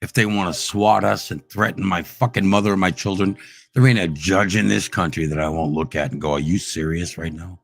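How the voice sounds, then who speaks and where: Low-voiced man in a profane rant. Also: fairly even intonation, a little fast, creaky. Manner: profane, combative, repetitive. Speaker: livestream host. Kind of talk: angry livestream rant.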